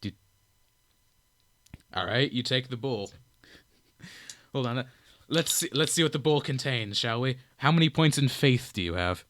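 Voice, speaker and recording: A man's voice: medium pitch, animated, unhurried, long pauses, fairly bright tone, no room sound. Young man running a tabletop game. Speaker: game master.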